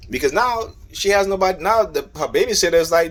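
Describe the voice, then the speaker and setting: A man's voice: fairly high pitch, lively intonation, fast, hardly any pauses. A man talking casually on his vlog, rambling and repeating himself as he recounts an argument, his voice rising and heating up when he quotes it. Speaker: vlogger.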